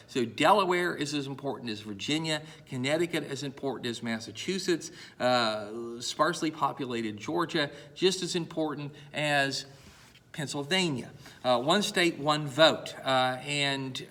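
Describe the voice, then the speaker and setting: This college history lecture comes from a middle-aged man with a mid-range, sharp voice. Talking conversationally to the classroom, he often says "uh," restarts and repeats points for emphasis.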